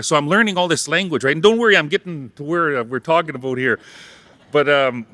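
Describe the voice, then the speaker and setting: A man from Saskatchewan, Canada, who teaches the Cree language and serves as a ceremonial helper, gives a playful public talk, cracking jokes and leading the audience in call-and-response repetition of words. His voice is fairly high and sharp, and the recording is dry.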